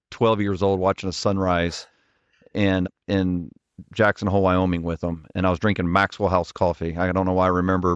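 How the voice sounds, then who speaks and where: A man's voice: deep voice, clear, resonant tone, dry recording, muffled recording. A man in his forties, a ministry leader, telling stories earnestly and directly in an interview, often restarting his words. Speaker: ministry leader, podcast guest. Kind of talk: conversational interview storytelling.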